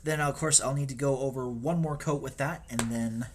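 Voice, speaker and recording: A man's voice: mid-range voice, steady tone, normal speed, a little hiss or hum. A man live-streaming himself painting miniatures, rambling casually and joking at his own expense, sometimes murmuring under his breath. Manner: rambling, self-mocking, drops into whispers while concentrating.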